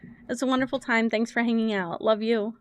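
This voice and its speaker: A woman's voice: fairly high pitch, fairly even intonation, fairly quick, noisy background. A woman live-streaming who talks to her chat in a flustered, joking way and swears now and then. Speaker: livestreamer.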